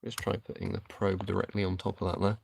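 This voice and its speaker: Gravelly low-voiced man. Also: flat delivery, quick pace, darkish tone, a little hiss or hum. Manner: chatty, thinking aloud while testing equipment. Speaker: streamer. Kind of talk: casual live-stream commentary.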